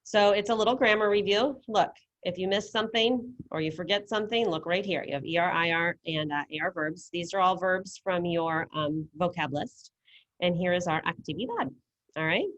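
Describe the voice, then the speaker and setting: Over a video call, a woman teaches a Spanish class, casual and encouraging as she walks students through each step. Her voice is lowish and she speaks at a normal speed.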